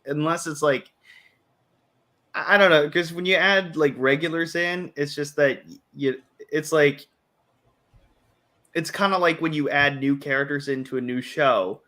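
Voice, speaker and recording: A man's voice: fairly high pitch, steady tone, measured pace, sharp tone. A man hosting a late-night livestream, talking casually and rambling with restarts and quoted asides. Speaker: livestream host. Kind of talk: casual chat.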